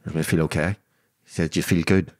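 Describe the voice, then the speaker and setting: Very deep-voiced Belfast man telling stories. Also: level tone, quick pace, a little mellow, no echo, clean studio sound. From Northern Ireland. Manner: vivid retelling that acts out quoted dialogue; blunt, swears freely. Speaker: guest. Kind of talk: storytelling interview.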